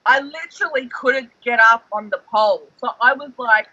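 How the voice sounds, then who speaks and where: Excitable man, bright tone. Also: extremely high pitch, normal speed, few pauses, husky, dry recording, dull audio. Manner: excitable, animated storyteller, fillers like "like". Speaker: guest, former reality show contestant. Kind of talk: casual chat.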